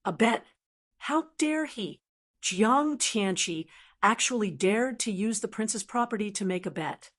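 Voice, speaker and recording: A woman's voice: mid-range voice, animated, a little slow, a bit bright. A woman voicing a stern, cold old lord. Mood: cold anger. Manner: cold, commanding. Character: stern old man of rank in gray. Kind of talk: audiobook character reading.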